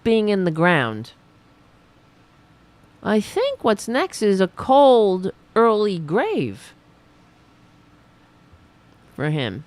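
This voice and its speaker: A woman hosting a political commentary show, reading news items and breaking off into sarcastic, profane rants in a slightly raspy voice. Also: mid-range voice, wildly swooping pitch, extremely slow, pauses often, a little mellow. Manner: sarcastic, profane, reads news then riffs.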